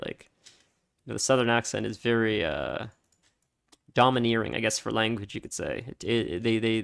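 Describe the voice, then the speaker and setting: Male streamer, easygoing chatty commentary, average pitch, prone to laughing. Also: creaky, a bit bright. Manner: rambling storytelling, laughs often. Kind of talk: casual gameplay commentary.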